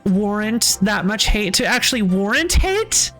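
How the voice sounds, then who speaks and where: A woman's voice: medium pitch, big pitch swings, unhurried, a bit bright, soft background music. A woman streamer chatting casually while playing, ranting with frequent laughs and sighs. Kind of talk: casual game stream chat.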